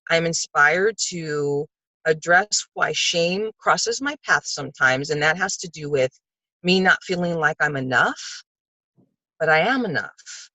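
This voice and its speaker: An older woman speaks on a video call with a bright, forceful tone. The sound is dry and close. She tells her story in a heartfelt, animated way. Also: deep voice, measured pace, no echo, rough recording. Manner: heartfelt, animated storytelling, acts out quoted voices. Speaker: book club participant. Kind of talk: casual sharing on a video call.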